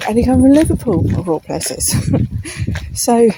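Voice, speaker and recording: A woman's voice: on the high side, lively intonation, measured pace, heavy background noise. A woman from the UK, chatty and breaking into little laughs, talking to camera while walking outdoors in the countryside. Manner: chatty, frequent little laughs, talks to her dog. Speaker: vlogger. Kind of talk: rambling walk-and-talk monologue.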